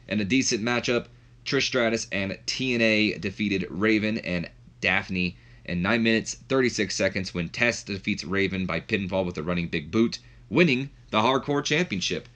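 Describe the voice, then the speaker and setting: A man's voice: on the low side, fairly bright tone. A man giving casual, rambling commentary on a wrestling management game playthrough. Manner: rambling, filler-heavy.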